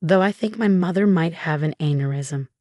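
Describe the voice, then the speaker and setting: A woman's voice: fairly low pitch, normal speed, dry recording, clean studio sound, natural voice. A woman narrator voicing an affectionate, supportive husband in a spoken story. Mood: fond. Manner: warm and gentle.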